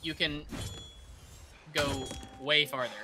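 A man in casual game chat, patiently explaining and giving calm commands to a teammate. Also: on the high side, takes it slowly, crowd noise. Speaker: experienced teammate guiding a new player.

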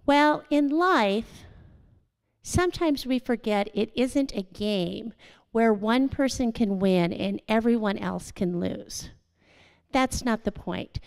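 A woman's voice: a little high, expressive, slow pace, vocal fry, darkish tone, clean tone, rough recording. A woman giving an earnest, conversational lesson in a church service. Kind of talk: storytelling sermon lesson.

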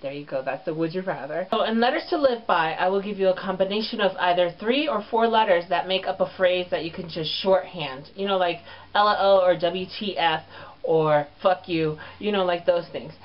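This man hosts his own comedy vlog show, delivering sassy, crude remarks with plenty of swearing. His voice is high and brisk, captured on a dull, lo-fi recording.

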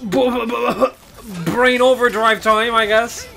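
An anime reaction host giving live commentary, excitable, exclaiming, laughing and swearing often. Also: medium pitch, slow pace, vocal fry, faint music behind.

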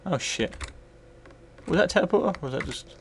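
A man, a bit drunk, talks through his gameplay in a gravelly, fairly high voice that swings up and down. He rambles and swears freely while reviewing an old computer game. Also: a little fast, a little hiss or hum. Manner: sweary, rambling, bursts into excited yells. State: tipsy. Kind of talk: live gameplay commentary.

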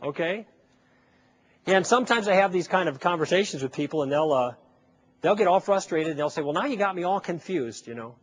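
Man, lecture, storytelling, fairly high voice, husky, persuasive, rhetorical questions. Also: lively intonation, brisk. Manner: storytelling, acting out both sides of a conversation. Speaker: public speaker. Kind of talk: lecture to a live audience.

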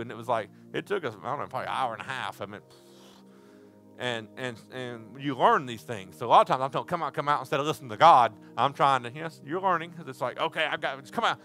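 Male preacher, folksy storyteller given to shouts, bright forceful voice. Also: mid-range voice. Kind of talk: sermon. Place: church service.

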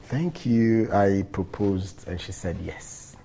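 A man playing a happily engaged office worker, speaking in a calm, mild way. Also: deep voice, slow pace, breathy edge, heavily acted. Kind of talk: film acting.

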